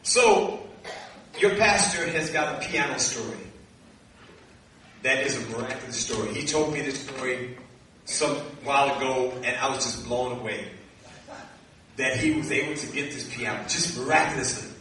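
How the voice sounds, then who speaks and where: A man preaching a sermon, a lively storyteller who acts out dialogue and laughs along the way. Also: mid-range voice, moderate pace, pauses often, slight background noise. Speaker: minister. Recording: echoey hall from a distance.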